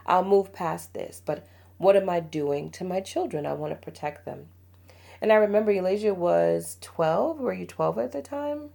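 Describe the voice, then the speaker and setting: Middle-aged mother as podcast host, low gravelly voice, heartfelt and confiding. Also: normal speed. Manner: warm storytelling, emotional, laughs often. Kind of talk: heartfelt parenting podcast talk.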